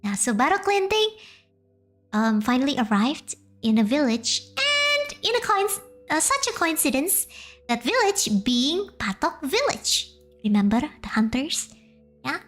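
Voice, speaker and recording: A woman's voice: high-pitched, very animated, measured pace, a bit bright, soft background music. A young woman with an Indonesian accent, whose first language is Indonesian, hesitantly retells a folk tale on stream in English, translating as she goes.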